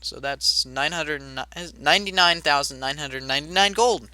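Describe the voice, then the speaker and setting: A game creator playing through their own homemade game, rambling and playful with quick asides between game lines. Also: mid-range voice, pushed and bright, dry recording, low-quality recording. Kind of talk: let's-play commentary.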